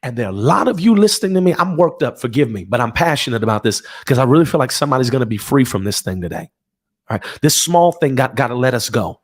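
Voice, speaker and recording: A man's voice: mid-range voice, expressive, quick pace. A man preaching from his home office on a livestream, fervent and emphatic, repeating phrases and calling out to his listeners. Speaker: pastor.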